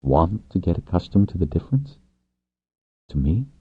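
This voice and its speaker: A man voicing a passionate young wing leader who speaks earnestly and gently, with intense warmth toward his partner. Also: low-pitched, very animated, moderate pace, husky, no echo, pitched above the performer's own voice, exaggerated voice. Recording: tinny phone-like, dry.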